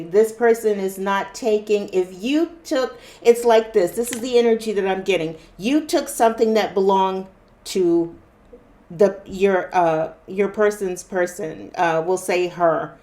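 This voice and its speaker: A woman with a mid-range, slightly mellow voice gives a viewer a casual tarot card reading. She takes her time and checks in often with "okay?".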